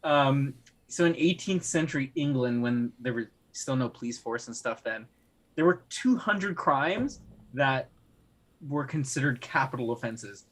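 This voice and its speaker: A man co-hosting a laid-back podcast, his pitch sitting in the ordinary middle range. He talks loosely, trails off with ums and restarts, and laughs at his own lines. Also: lively intonation, measured pace. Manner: laughs often, hesitant fillers and restarts. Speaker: podcast co-host. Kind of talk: casual chat.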